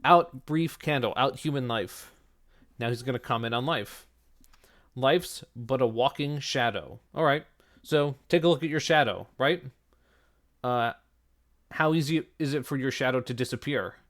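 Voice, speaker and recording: A man's voice: medium pitch, a little slow, pauses often. A man teaching, going through a text line by line in a conversational way, asking himself rhetorical questions and answering them. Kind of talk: explaining a literary text line by line.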